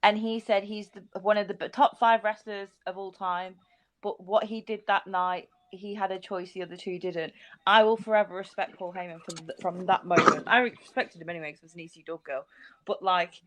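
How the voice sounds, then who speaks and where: Female podcast co-host, mid pitch, quick and emphatic. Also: steady tone, fairly bright tone. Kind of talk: casual chat.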